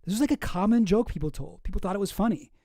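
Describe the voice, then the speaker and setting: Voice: mid-range voice, quick pace, warm tone, no room sound, studio quality. A streamer from Canada giving casual, profane, rambling political commentary with a sarcastic edge.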